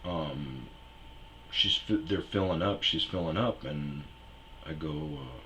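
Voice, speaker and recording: A man's voice: rumbling low, takes it slowly, pushed and bright, slight background noise. A young man telling a rambling, crude personal anecdote in casual chat. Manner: rambling anecdote with crude humor and acted quotes. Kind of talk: casual storytelling.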